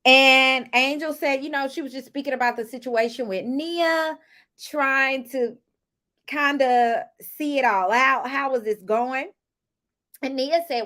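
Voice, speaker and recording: A woman casually recapping a reality show episode, chatting to viewers with lively asides and storytelling. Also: high-pitched, takes it slowly.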